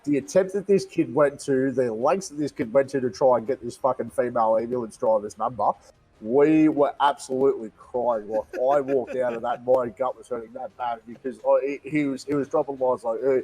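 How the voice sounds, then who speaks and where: An Australian man as a podcast guest, telling a funny story in a casual, animated way and laughing as he goes. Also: medium pitch, fairly quick, soft background music, low-quality recording.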